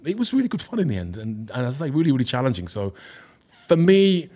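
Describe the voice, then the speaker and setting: Chatty actor, easygoing storyteller. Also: male voice, medium pitch, big pitch swings, fast, darkish tone. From England. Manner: chatty, self-deprecating storyteller with frequent "you know" and restarts. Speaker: guest actor. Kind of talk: casual chat.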